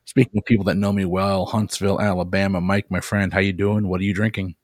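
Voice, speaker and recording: A man hosts a relaxed podcast among friends, keeping his voice hushed and low-pitched. The sound is dry and close, with no room around it. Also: fast talker, dry recording. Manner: speaks quietly and low, joking with friends. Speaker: podcast host. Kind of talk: casual podcast chat.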